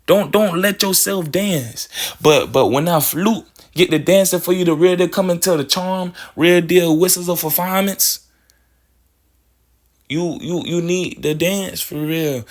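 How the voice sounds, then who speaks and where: Slightly high and unhurried, this man's voice carries a wandering spiritual monologue. He plays with words, restarts his phrases, and checks in with listeners using "you feel me."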